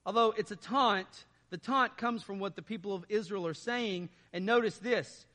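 Man, pastor, sermon, animated, chatty, bright, hall reverb. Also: sits high, normal speed. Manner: animated, conversational preaching with laughs.

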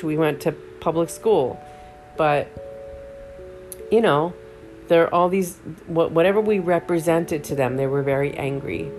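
A woman's voice: fairly low pitch, a little mellow. A middle-aged woman telling a personal story in a candid, reflective monologue, often restarting her sentences. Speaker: podcast host.

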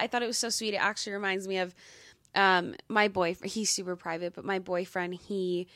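A woman's voice: mid-range voice, fairly even intonation, brisk, a bit bright, no echo, clean studio sound. A young woman hosting a podcast, chatting casually with lots of fillers and gushing enthusiasm. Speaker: podcast host. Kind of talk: casual commentary.

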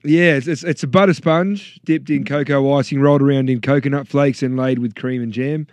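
A man's voice: mid-range voice, fairly even intonation, a little fast, a little mellow, no echo. An Australian man chatting loosely in a small studio, walking guests through what he brought. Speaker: guest food vendor. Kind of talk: casual product walk-through.

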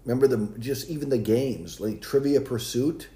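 A middle-aged man co-hosting a podcast, chatting casually, animated and swearing freely. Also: mid-range voice, moderate pace. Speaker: podcast co-host. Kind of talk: casual chat. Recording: echoey room.

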